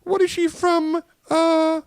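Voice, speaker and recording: A shrill, mock-genteel old mother, as a man puts her on in falsetto, gushes in sing-song exclamations. The sound is dry and close. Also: completely flat delivery, slow, dry recording, exaggerated voice. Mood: snooty, gushing. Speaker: comedy bit character.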